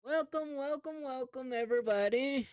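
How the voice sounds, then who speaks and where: A game master voicing an armadillo stage announcer who welcomes a crowd in a loud, showy way. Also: sits high, moderate pace, dry recording, voice pushed up, natural voice. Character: loud showman armadillo emcee.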